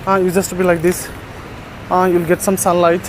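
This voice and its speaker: A man narrating a casual vlog outdoors as he checks on stray dogs, talking to them softly and tenderly. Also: high voice, completely flat delivery, normal speed, a little hiss or hum. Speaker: vlogger caring for stray dogs. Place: outdoors, on a terrace.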